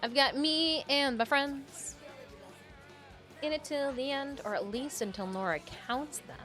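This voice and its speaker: Brief: bubbly woman game streamer, slightly high voice, faint music under the chatter. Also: measured pace, bright, forceful tone. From Michigan. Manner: chatty, playful, reads out chat names. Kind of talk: casual live-stream chat.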